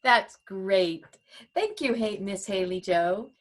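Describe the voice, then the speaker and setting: A woman's voice: medium pitch, slow. A woman hosting a story hour, introducing readers and closing the program. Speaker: host.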